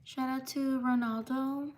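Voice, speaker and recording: A woman hosting a livestream, reading viewer names in a slow, repetitive way. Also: high voice. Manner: slow, flat, repetitive listing with pauses. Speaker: livestream host. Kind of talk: reading out viewer shout-outs.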